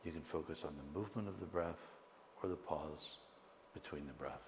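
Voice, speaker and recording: Slow and calm, a very deep-voiced man leads a guided meditation, leaving pauses between phrases. The echoey hall gives a long reverb tail, and faint room ambience plus slight background noise sit beneath him.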